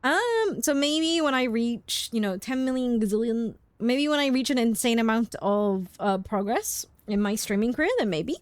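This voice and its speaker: A woman's voice: fairly high pitch, animated, normal speed, hardly any pauses, clean tone, no echo. A young woman streamer chatting casually and playfully, giggling often as she reacts to chat.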